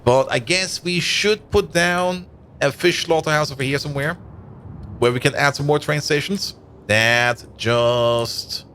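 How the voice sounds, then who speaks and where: Here a man in his thirties, grown up in Germany and speaking with a Dutch-German accent, casually streams a game, musing aloud, chatting with viewers and laughing readily. His voice is a little high and a bit bright, with a little hiss or hum.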